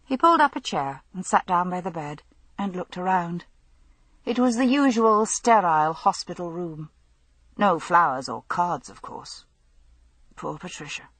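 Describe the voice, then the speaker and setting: Low, husky woman narrator for a mystery audiobook; dry, measured read. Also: lively intonation, fairly bright tone, dry recording.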